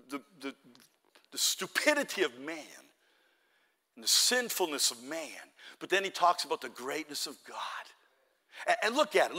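A man preaching a sermon as pastor, building to loud exhortation and calling the congregation to answer amen. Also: a little high, long reverb tail. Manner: fervent, builds to loud exhortation, calls for amens.

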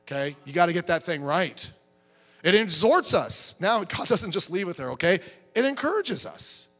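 Middle-aged male pastor, emphatic and conversational preacher, high voice, faint music under him. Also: big pitch swings, moderate pace, bright, forceful tone. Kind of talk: sermon. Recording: reverberant hall, faint music behind.

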